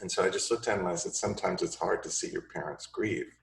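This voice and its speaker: A man with a very low voice tells stories in a calm, measured lecture. He sits well away from the microphone. The room around him echoes. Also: creaky. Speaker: pediatrician speaking on child grief. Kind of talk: recorded lecture. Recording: echoey room, far from mic.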